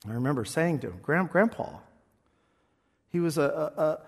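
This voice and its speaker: A male pastor preaching a sermon, expressive, swinging between loud passages and hushed ones. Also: a little high, very fast, long reverb tail.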